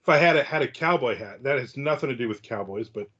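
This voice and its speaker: A man's voice: medium pitch, animated, fast, a bit bright, husky. A middle-aged man with a New Jersey accent hosting a casual podcast chat, rambling and teasing his co-host. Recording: dull lo-fi sound.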